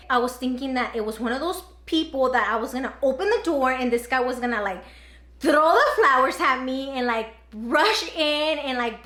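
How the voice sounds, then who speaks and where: A woman's voice: high-pitched, fairly bright tone. A young woman vlogging at home, telling a story to her viewers in a chatty way full of fillers. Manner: chatty, filler-heavy, "like" throughout. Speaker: vlogger, mother. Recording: roomy echo.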